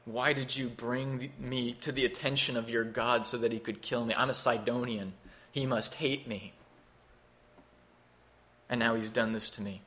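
A man's voice: medium pitch, measured pace, fairly bright tone, lightly acted. A man voicing a grieving, bitter widowed mother in a sermon retelling, his delivery pleading and accusing.

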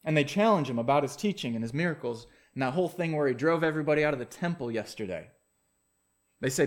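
A man preaching a sermon, reading scripture, praying, then telling a story in a relaxed, conversational way. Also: on the high side, fast talker. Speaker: pastor.

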